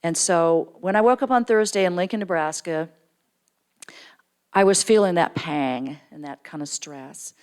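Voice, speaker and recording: Middle-aged woman preaching with stories, lowish voice, lots of acted-out quotes and bounce. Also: measured pace, smooth. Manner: animated storyteller, acts out quoted voices with big pitch jumps. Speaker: guest speaker at church. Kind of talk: storytelling sermon. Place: church sanctuary.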